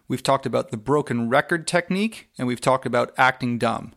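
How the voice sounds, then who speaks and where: Gravelly male interview host. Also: medium pitch, fairly bright tone, soft background music. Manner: measured, guiding questions.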